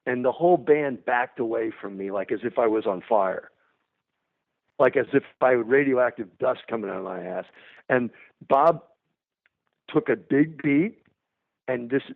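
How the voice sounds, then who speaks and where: A man telling an animated, profane anecdote and acting out what people said. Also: mid-range voice, creaky. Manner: profane, energetic, acts out dialogue. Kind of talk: animated storytelling. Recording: tinny phone-like sound.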